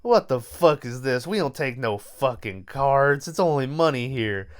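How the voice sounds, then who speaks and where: A man doing a gruff Southern clerk. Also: mid-range voice, animated, unhurried, lightly acted. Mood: annoyed. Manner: profane, brusque. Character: gruff male liquor store clerk.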